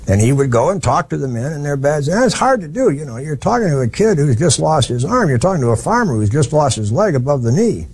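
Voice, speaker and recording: A man's voice: on the high side, sing-song, quick pace, hardly any pauses, darkish tone, breathy edge, no echo. A man giving a history lecture, telling it as a plain-spoken, folksy story with frequent restarts.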